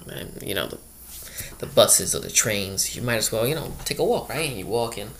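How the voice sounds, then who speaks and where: A man's voice: on the low side, expressive, normal speed, fairly bright tone, slight background noise. A man doing a rambling comedic monologue, full of loose asides and repeated "you know".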